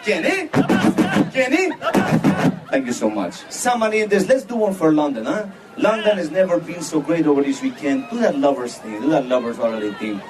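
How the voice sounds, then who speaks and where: A man performing as a flamboyant male Latin showman, shouting call-and-response to a crowd on a live festival stage. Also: high voice. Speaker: stage frontman. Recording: live festival clip, loud crowd and noise, distant mic. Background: roaring crowd.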